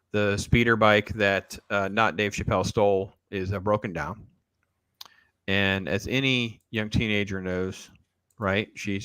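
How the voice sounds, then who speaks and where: A man's voice: on the low side, a bit bright, smooth, no echo. A man hosting a casual reaction stream, riffing sarcastically and talking straight to his viewers. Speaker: show host.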